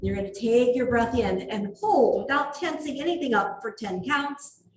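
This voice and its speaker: A woman yoga instructor guiding a class with calm, unhurried cues and occasional laughing asides about herself. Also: a little high. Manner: calm cueing with light self-laughing asides. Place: athletic club studio. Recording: roomy echo from far off, faint ambient noise.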